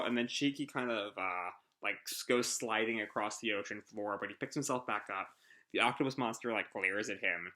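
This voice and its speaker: Male reaction host, bright voice, loose rambling commentary with fillers and swearing. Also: fairly low pitch, moderate pace. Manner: rambling with many ums and uhs; swears casually. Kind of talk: casual live reading and commentary.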